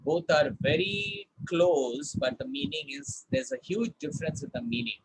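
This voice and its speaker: A man runs an online vocabulary lesson in a fairly high voice. He says words over and over to drill how they sound, and he slips into Hindi to explain them. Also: big pitch swings, normal speed, slightly rough, rough recording. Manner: drills pronunciation, switches between English and Hindi. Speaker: spoken English teacher.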